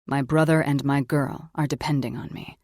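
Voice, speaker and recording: A devoted male wolf shifter who is brisk and set on going, as a woman acts him out. The voice is deep for her. The read is dry and close. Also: fairly even intonation, a little mellow, dry recording. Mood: determined. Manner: brisk, determined.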